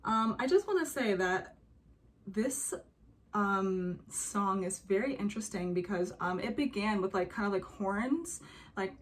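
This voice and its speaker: Reacting to a song, this young adult woman talks through its music in a chatty way, filling her speech with fillers and humming or singing snippets. She speaks at normal speed with a medium, expressive voice.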